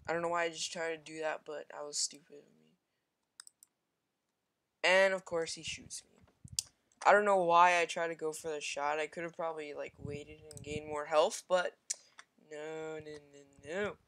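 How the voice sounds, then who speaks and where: A gamer giving casual commentary over their own shooter gameplay, thinking aloud, mocking their own play and repeating quick exclamations between fillers. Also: medium pitch, fairly even intonation, fairly bright tone, a little hiss or hum.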